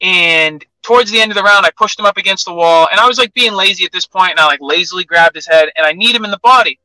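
A man's voice: sits high, fast talker, no room sound, low-quality recording. A young man, an MMA fighter, telling a sparring story in a casual interview, acting out what people said. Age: young adult. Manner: animated anecdote-telling, acts out quotes.

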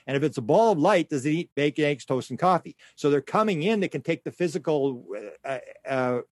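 A middle-aged man, a guest in an interview, telling stories in a rambling, animated way and acting out the voices of the people he quotes. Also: a little high, brisk, no room sound. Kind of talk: conversational storytelling.

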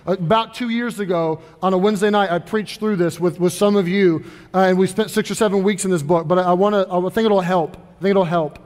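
High-pitched guy preaching in church, earnest and chatty, says stuff twice, long hall echo. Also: fairly even intonation, brisk, a little mellow. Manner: earnest, conversational preaching with repeated phrases. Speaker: pastor. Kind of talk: sermon. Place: church sanctuary.

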